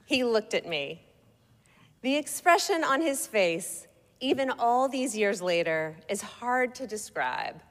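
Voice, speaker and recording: Slow, wry woman reading a memoir. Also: a little high, animated. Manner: wry, measured storytelling. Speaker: narrator. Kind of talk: personal essay read aloud. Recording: long echoey reverb.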